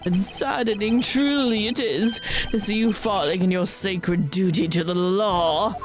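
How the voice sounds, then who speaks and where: A woman's voice: medium pitch, a little slow, natural voice. A woman voicing a smug, scheming older man who mocks and taunts in a theatrical way. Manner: oily, mocking, theatrical. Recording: stream with game music behind.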